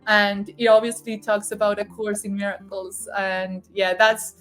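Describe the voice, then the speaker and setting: A woman's voice: medium pitch, little pitch movement, a little slow, fairly bright tone, faint music behind. A woman telling a personal spiritual story in a casual, emotional way, often laughing and acting out the voices of others. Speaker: guest sharing spiritual story.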